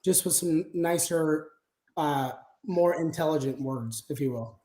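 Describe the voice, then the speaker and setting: A man's voice: a little high, a little slow, dark tone, reverberant. A man talking casually as an interview guest about managing a sales team, explaining things step by step with frequent fillers.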